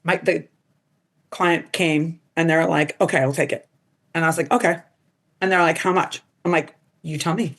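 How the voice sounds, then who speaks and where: A middle-aged woman chatting as a podcast guest, her voice sitting a little low. She tells stories in a lively way, leans heavily on "like", and slips into other people's voices when she quotes them. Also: normal speed. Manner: animated, quotes people in put-on voices, lots of "like". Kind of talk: casual storytelling interview.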